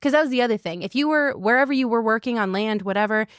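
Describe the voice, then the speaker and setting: A young woman co-hosting a podcast, telling a story in a casual, animated way and often quoting the people in it. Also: fairly high pitch, fast talker, smooth, no echo, clean studio sound. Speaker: podcast co-host.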